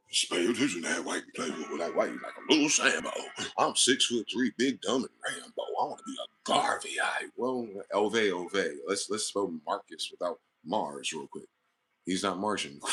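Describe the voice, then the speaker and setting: A man's voice: sits low, fairly bright tone, breathy edge. A man hosting his own channel, talking alone in a rambling, profane monologue built on wordplay. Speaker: channel host. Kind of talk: solo monologue to camera.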